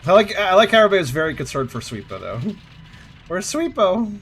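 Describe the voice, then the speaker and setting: A man narrates his own playthrough of a game, his voice rising and falling in an animated way. He chats casually, trails off into little asides and laughs at his own jokes. A faint hum sits under the recording. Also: sits high, fast. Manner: chatty, muttering asides, laughs often. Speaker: let's play host. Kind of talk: gameplay commentary.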